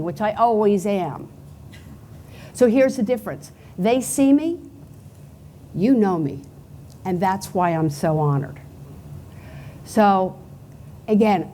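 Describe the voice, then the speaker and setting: At a banquet hall event, a middle-aged woman with a Pennsylvania accent gives an unscripted acceptance speech, telling chatty stories and acting out quotes. Her mid-range voice is a little mellow, with a slight hiss or hum in the audio.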